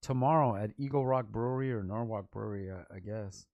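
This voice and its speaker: A man's voice: on the low side, brisk, no echo, narrow, tinny audio. A middle-aged man from Los Angeles hosting a vlog, telling rambling, slangy stories with restarts and quoted voices. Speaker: vlog host, rapper. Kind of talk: casual storytelling vlog.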